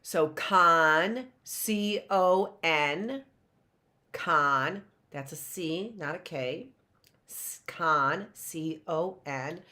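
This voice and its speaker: A middle-aged woman teaching a phonics lesson to young children, slowly sounding out words and spelling them letter by letter. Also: low voice, sharp tone. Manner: slow, sounding out words syllable by syllable.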